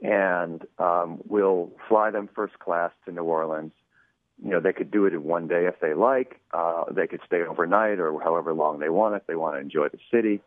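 A man's voice: low voice, normal speed, no room sound. A man, producer of a radio show, telling an anecdote as an interview guest in a chatty style, acting out quoted dialogue with many "you know"s over a phone line.

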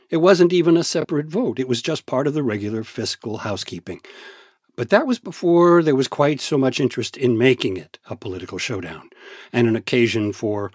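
A man with a husky, slightly rough voice explains politics in measured, unhurried sentences. His delivery is dry and close, with no room sound around it. He speaks as a seasoned correspondent laying out the facts in a news interview. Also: mid-range voice, a little mellow, dry recording. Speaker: senior political editor and correspondent. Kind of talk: radio news interview answers.

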